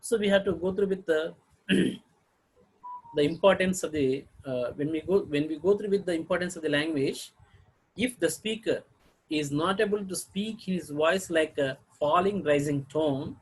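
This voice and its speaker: A man giving a recorded lesson, pausing often with fillers and clearing his throat. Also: a little high, poor audio. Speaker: teacher. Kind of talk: recorded lecture.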